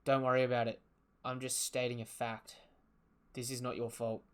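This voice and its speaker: A man's voice: medium pitch, level tone, moderate pace, clear, resonant tone, natural voice. A man reading aloud the lines of a stern adult male ninja in a plain, clipped way. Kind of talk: reading manga dialogue aloud.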